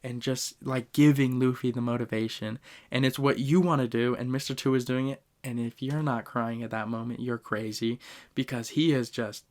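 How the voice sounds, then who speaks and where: A man hosting a podcast, giving an animated, slangy ranking of favorite moments and talking straight to the listeners. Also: mid-range voice, moderate pace. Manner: animated storytelling, swings loud and soft; slangy, addresses listeners directly. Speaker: podcast host. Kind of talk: casual fan ranking talk.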